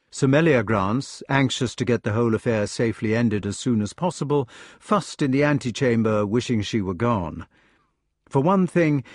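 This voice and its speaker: Male narrator for an audiobook, lively and expressive, dry booth sound. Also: mid-range voice, no echo. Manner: expressive storytelling. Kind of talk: scripted narration.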